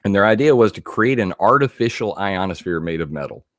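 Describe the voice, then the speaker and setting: A man giving casual commentary on a video, animated and laughing often as he reads quotes aloud. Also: low voice, fairly quick, no room sound, studio quality. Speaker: video blogger.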